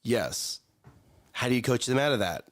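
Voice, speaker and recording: A lively man in his thirties talks like a coach on a casual morning show. His pitch rises and falls a lot, and he doubles back on his words as he makes his point. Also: moderate pace. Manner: animated, repeats words, coaching tone. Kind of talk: casual chat.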